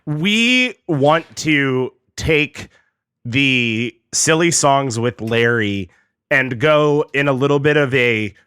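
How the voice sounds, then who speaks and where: A man pitching a comedy idea to a panel in a slow, mock-serious way. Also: lively intonation, pushed and bright, clear, resonant tone, no room sound, studio quality. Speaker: podcast panelist.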